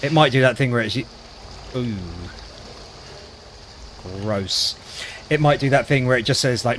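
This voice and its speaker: A man's voice: mid-range voice, measured pace, pauses often, a bit bright, slight background noise. A man from Wales chatting as a gaming streamer, reacting with disgust and cracking self-deprecating jokes. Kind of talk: casual gaming commentary.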